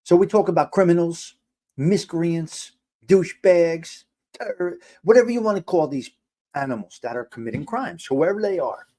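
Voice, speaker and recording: Middle-aged male livestream host, exasperated ranter, loud bursts and quiet mutters. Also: fairly high pitch, normal speed. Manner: animated, exasperated ranting with swearing. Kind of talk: casual livestream talk reacting to chat.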